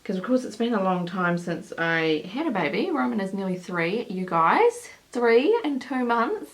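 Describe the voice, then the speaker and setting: A woman's voice: mid-range voice, sing-song, moderate pace, low-quality recording. Rambling emotional woman vlogger. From New Zealand. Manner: rambling and emotional, many fillers. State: holding and breastfeeding a baby. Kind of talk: casual vlog chat.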